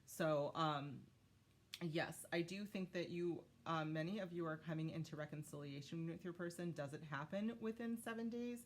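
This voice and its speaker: A woman with a low, deep voice gives a casual tarot reading, talking straight to her viewers. She is chatty and loose, full of ums, and stops now and then to thank her spirit guides. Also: normal speed, slight background noise. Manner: chatty, many fillers, talks to spirit guides. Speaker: tarot reader.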